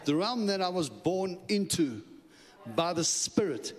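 A man preaching from a church platform, his voice sitting a little higher than most men's. He tells his story with animated energy, slipping into chuckling asides where he voices his own thoughts. A long hall reverb trails every phrase. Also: measured pace. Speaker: guest preacher. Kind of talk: sermon storytelling. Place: church sanctuary.

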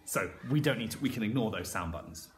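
A man teaching a phonics lesson to young children. He sounds out letters slowly and with exaggeration, in an encouraging sing-song teacher voice. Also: fairly low pitch, animated. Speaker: primary school teacher. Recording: echoey room with faint background noise.

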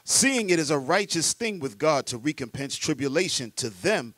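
A man's voice: on the high side, normal speed, no room sound. Male scripture reader, off-mic. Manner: steady, formal reading. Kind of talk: reading scripture aloud.

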